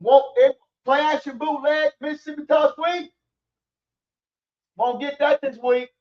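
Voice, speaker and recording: A man's voice: very high-pitched, fairly even intonation, a little slow, distant mic, muffled recording. A man ranting angrily and profanely about his football team on a stream. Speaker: sports commentary streamer. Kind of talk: angry sports rant.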